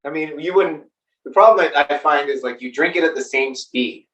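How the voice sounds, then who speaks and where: Relaxed man talking beer, echoey and distant. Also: on the high side, normal speed. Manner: relaxed, rambling explanations with many fillers. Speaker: brewmaster guest. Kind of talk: casual chat.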